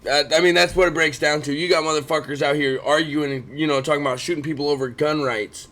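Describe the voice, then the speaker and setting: A man in his thirties co-hosting a casual sports chat, talking fast and swearing often. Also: on the high side. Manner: profane, animated, keeps complaining he yawns. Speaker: podcast co-host.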